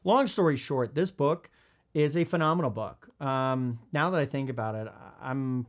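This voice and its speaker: A man hosting a podcast, talking bluntly in casual commentary while reading from a parenting book. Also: moderate pace. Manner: animated, blunt, swears, acts out kids in high voices. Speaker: podcast host.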